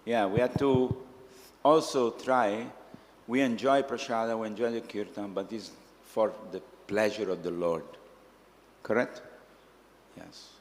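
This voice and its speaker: A man's voice: fairly low pitch, steady tone, unhurried. Man teaching in a reverberant hall. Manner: earnest storytelling, acting out quoted voices. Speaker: speaker. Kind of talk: scriptural class answering questions.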